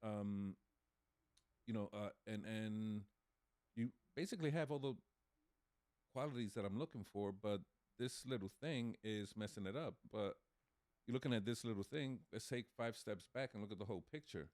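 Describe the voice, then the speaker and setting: A man's voice: lowish voice, normal speed, a little mellow, dry recording. Guy cohosting a chat podcast, stumbles and restarts a lot, dry sound. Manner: hesitant, many restarts and ums; laughs while telling stories. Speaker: podcast co-host. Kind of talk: casual chat.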